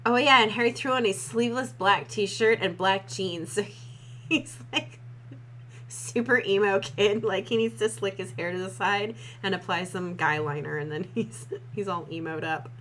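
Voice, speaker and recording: A woman's voice: mid-range voice, normal speed, a bit bright, slight background noise, poor audio. A woman co-hosting a podcast, reading a fan fiction aloud and breaking off for sardonic, laughing asides. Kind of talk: casual chat and mocking read-aloud.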